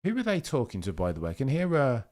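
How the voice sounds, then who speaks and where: A man's voice: mid-range voice, wildly swooping pitch, fast talker, a little mellow. A young man hosting a live watchalong stream, chatting casually and answering viewers' messages. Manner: chatty, reads chat messages aloud and answers them. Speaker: livestream host.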